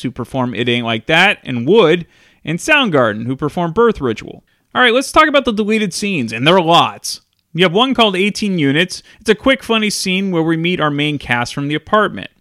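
A man's voice: on the high side, fairly bright tone, no echo, clean studio sound. A man casually reviewing a film, recapping the scenes in a chatty way and laughing often as he goes.

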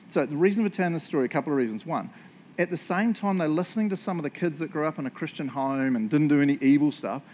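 A man's voice: medium pitch, a little mellow, slight background noise. A man, a youth church leader giving a casual, chatty teaching talk full of asides and fillers.

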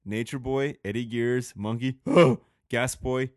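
Guy cursing and rambling on a talk show, mid pitch, dry close mic. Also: steady tone, slow pace, darkish tone, dry recording. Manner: profane, rambling, laughs often. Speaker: podcast co-host. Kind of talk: crude casual banter.

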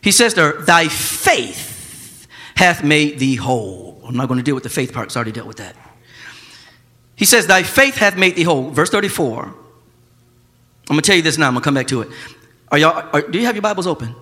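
A male pastor, preaching a sermon that swings from quiet, close talk to shouting. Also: fairly high pitch, big pitch swings, fast, long pauses, big-room sound.

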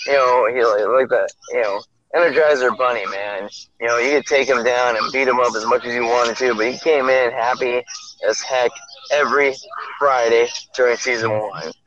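Calling in from somewhere crowded and loud, this man co-hosts a podcast with rambling, filler-heavy casual talk. The lo-fi recording sounds dull, while his mid-range voice stays steady at a moderate pace.

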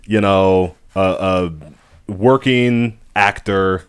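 A man's voice: sits low, steady tone, very slow, clean tone. A man co-hosting a podcast in casual chat, rambling and circling his point with restarts and "you know". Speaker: podcast co-host.

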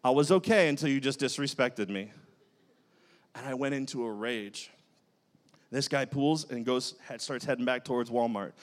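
A male pastor preaching and telling a story in an animated, dramatic way. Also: medium pitch, normal speed. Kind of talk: sermon with personal storytelling.

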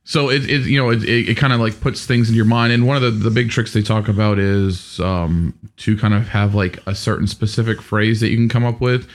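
A man's voice: lowish voice, fairly even intonation, a little fast, hardly any pauses. A man who runs a tabletop game, explaining in a rambling, casual podcast chat. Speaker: game master.

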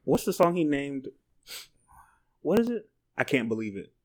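A man's voice: mid-range voice, very animated, moderate pace, a little mellow. A man co-hosting a podcast, telling stories in casual chat and laughing often while he quotes other people. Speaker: podcast co-host.

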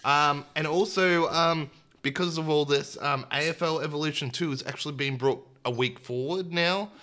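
A young man talks casually on a podcast. His voice is bright and forward, and his delivery is chatty and upbeat. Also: on the high side, moderate pace. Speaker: podcast co-host. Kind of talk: casual chat.

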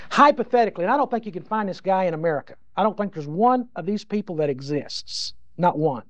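A man's voice: sits high, expressive, a little fast, dry recording. A man preaching a sermon, telling an emphatic, folksy story and often restarting his sentences. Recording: dull lo-fi dry recording.

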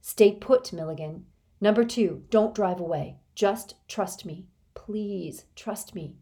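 A woman's voice: mid-range voice, unhurried, dark tone, pitched above the performer's own voice, lightly acted. A woman reading an audiobook, voicing an earnest eleven-year-old boy who speaks urgently and pleads.

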